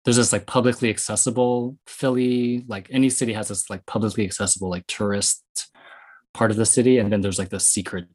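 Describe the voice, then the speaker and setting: A man's voice: on the low side, level tone, fairly quick, darkish tone. A man from the US West Coast hosting a casual discussion, rambling with many fillers and restarts.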